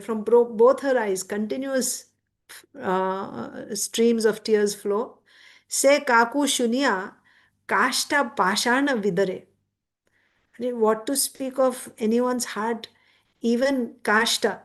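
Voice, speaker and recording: A woman giving a devotional scripture class, reciting verses and then explaining them word by word. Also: medium pitch.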